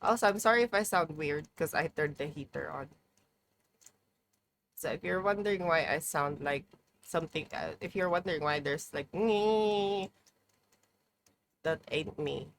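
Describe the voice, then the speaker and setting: A woman's voice: sits low, normal speed, creaky, fairly bright tone, slight background noise. A young woman chatting casually on a live stream, playful and mock-dramatic, swearing freely, from a room at home with a heater running. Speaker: livestreamer.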